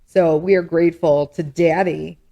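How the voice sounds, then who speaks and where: Low, gravelly and fairly even in intonation, this middle-aged podcast host speaks at a normal speed. The talk is a casual chat, and she teases warmly and laughs like a fond mother.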